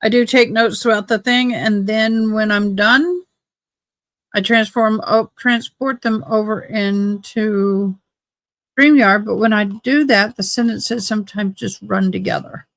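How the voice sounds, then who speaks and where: A woman's voice: medium pitch, fairly even intonation, a little slow, no echo. A tired woman hosting a livestream, chatting casually and folksily about her setup. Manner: chatty, folksy, thinking aloud. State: tired, sleepy. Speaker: livestream host. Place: home studio in Texas.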